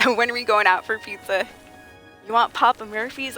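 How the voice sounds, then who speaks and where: A woman's voice: a little high, normal speed, bright, forceful tone. A woman game streamer chatting casually with her viewers, greeting them by name and laughing often. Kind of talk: casual livestream chat. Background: game music.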